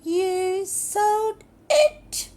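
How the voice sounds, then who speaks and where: Shrill, indignant stage actress, all shrieks, very high and loud, with a clear background hiss. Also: female voice, slow. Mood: shrieking. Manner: shrieking, melodramatic.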